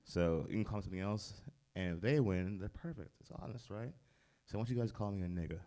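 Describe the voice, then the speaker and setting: A man's voice: fairly low pitch, quick pace, dark tone. A man doing stand-up comedy on a club stage, laid-back and provoking the crowd. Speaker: stand-up comic.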